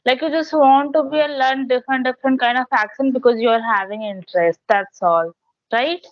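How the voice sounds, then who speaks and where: A woman's voice: high voice, brisk, dry recording. A woman with an Indian English accent from Bihar, tutoring in casual conversation practice, casually groping for how to phrase her questions over a video call. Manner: casual, gropes for question wording. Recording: dull, dry video call audio.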